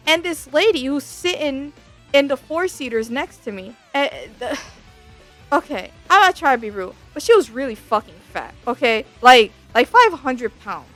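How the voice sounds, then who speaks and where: A woman telling a storytime as a vtuber, profane, exasperated and animated. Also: sits high, unhurried. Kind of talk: casual storytime rant. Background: faint background music.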